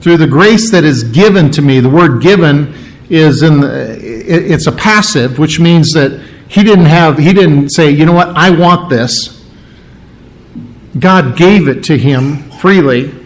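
Male preacher, slightly high voice, teaching sermon that unpacks key words with firm emphasis. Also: lively intonation, a little slow, rough recording. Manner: explains word meanings step by step, restarts and stresses key words. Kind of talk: expository sermon.

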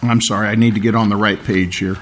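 A man preaching a sermon, teaching through a Bible passage. His voice is strained, he clears his throat often, and he keeps checking in with "okay?" and "all right?". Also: on the low side, level tone, fast, fairly bright tone, slight background noise. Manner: explanatory, asks "okay?" and "all right?" for agreement. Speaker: pastor.

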